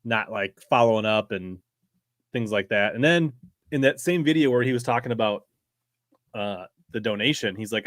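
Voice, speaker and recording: A man's voice: fairly low pitch, normal speed, dry recording. A man hosting a casual chat, easygoing and critical, with frequent fillers like "like" and "uh". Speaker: channel host.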